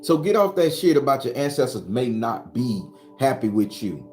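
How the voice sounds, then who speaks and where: A man of middle pitch delivers a spiritual talk in the rolling cadence of a preacher, emphatic and freely profane. His voice rings around a roomy, echoing indoor space. Soft music plays faintly underneath. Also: sing-song, normal speed. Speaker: spiritual advisor.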